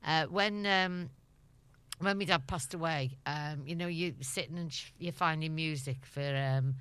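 A woman's voice: deep voice, unhurried, a bit bright, clean tone, no echo. A middle-aged woman with a Liverpool accent, a guest in an interview, telling chatty anecdotes and laughing often. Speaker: actress guest. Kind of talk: casual interview chat.

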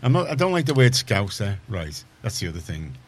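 A Liverpool man with a very low voice hosts a community radio show. He chats in a rambling way, often restarting his sentences. A faint hiss sits under the studio sound. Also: sing-song, a little fast. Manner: chatty, rambling, self-correcting. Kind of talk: casual radio chat.

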